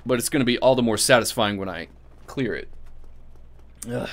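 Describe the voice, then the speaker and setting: A man's voice: medium pitch, moderate pace. A man giving rambling gameplay commentary as a channel host, swearing and flaring up at the game between chatty asides. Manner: profane, excitable outbursts at the game.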